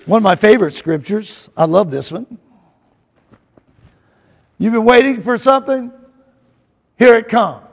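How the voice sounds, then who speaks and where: High-voiced, gravelly preacher in a hall. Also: male voice, measured pace, pauses often. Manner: emphatic, repetitive, calls out to the congregation. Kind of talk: sermon.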